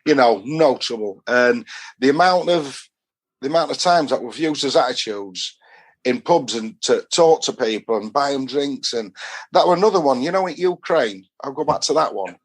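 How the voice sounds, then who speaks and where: Brief: Yorkshire bloke, podcast guest, broad rambling anecdotes, mid-pitch everyday voice. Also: male voice, expressive, normal speed. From England. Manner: rambling storyteller, chatty and broad. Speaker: guest, football fan. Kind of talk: casual anecdotal chat.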